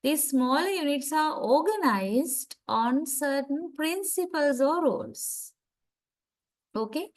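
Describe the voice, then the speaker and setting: A woman teaches a class over a video call, taking her time and pausing to ask whether her students are following. Her voice sits a little high, and she moves unhurriedly from point to point. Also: low-quality recording. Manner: slow, deliberate explaining with frequent "right?" and "uh" checks. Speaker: lecturer. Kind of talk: online university lecture.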